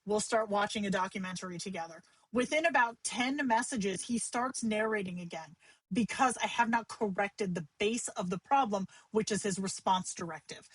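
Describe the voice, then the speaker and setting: A woman hosting a livestream tutorial, talking in a chatty, conversational way with quick asides. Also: medium pitch, slightly rough, dry recording, poor audio. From Arizona. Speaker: livestream host teaching AI companion tips.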